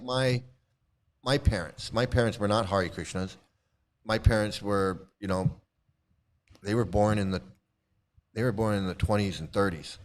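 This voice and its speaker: A middle-aged man hosting a casual commentary, rambling and repeating himself, blunt and swearing. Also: on the low side. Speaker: channel host and cult critic. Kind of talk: casual commentary on a screen post.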